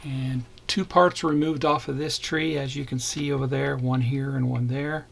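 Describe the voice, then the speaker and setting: Gravelly-voiced man reviewing a model kit. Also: mid-range voice, steady tone. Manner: plain, unhurried, points out parts as he shows them. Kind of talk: casual unboxing narration.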